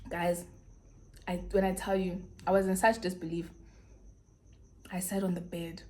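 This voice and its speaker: A young South African woman in her twenties telling a personal story on her vlog, acting out both sides of the conversations and dropping to a low murmur at serious moments. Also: little pitch movement, unhurried, long pauses, darkish tone. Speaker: YouTuber.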